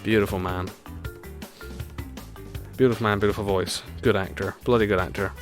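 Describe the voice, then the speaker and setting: A man's voice: on the low side, steady tone, moderate pace. A man streaming a racing game live, rambling chattily and laughing often at his own jokes. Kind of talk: live gameplay chat. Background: game music.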